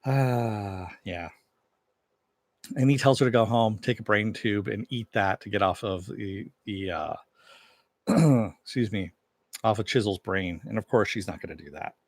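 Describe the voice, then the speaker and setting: A man with a somewhat low voice talks through a TV episode in a loose, chatty recap. He leans on filler phrases and drops the odd curse word. His voice is recorded dry and close. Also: a little slow, no echo. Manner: loose and conversational, with frequent "you know" and casual swearing. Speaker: TV episode reviewer. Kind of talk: casual spoken recap and review.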